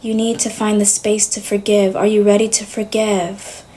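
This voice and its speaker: A gently insistent British woman therapist speaks in a soft, coaxing hush, as a woman streamer mimics her. The voice sits a little back from the mic and drops well below normal talking level. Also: mid-range voice, flat delivery, normal speed, lightly acted. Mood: soothing.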